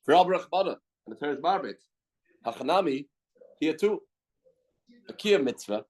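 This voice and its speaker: A rabbi teaches a Talmud class in a study hall, thinking out loud and returning again and again to his main questions. His voice is fairly high and somewhat dark in tone, with lively intonation and a slightly quick pace. The audio quality is poor.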